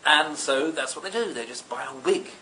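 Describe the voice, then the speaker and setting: A man's voice: a little high, animated, moderate pace, sharp tone, slight background noise, poor audio. A man telling a comedic story in a meandering way, full of ums and asides. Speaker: comic storyteller.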